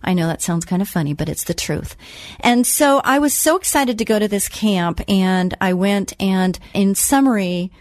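A woman's voice: mid-range voice, moderate pace, dry recording. A woman hosting a Christian radio talk show, telling a personal story in a chatty way with frequent restarts.

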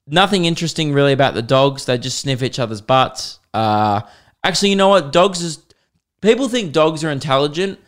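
Sarcastic, foul-mouthed comic podcast host. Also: male voice, on the high side, lively intonation, a little fast, fairly bright tone. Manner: crude, sarcastic ranting with frequent swearing. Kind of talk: comedic solo podcast monologue.

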